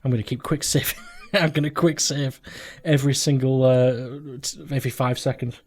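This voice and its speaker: A man's voice: mid-range voice, fairly even intonation, normal speed. Swearing, rambling gamer guy. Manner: rambling, jokey, swears casually. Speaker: let's play host. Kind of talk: game commentary. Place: at home.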